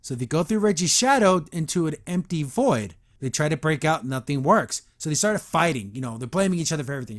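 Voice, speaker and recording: A man's voice: fairly high pitch, lively intonation, fairly quick, hardly any pauses. A man hosting a podcast, recapping a show episode in a rambling, exasperated, casual way with many fillers and restarts. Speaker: podcast host.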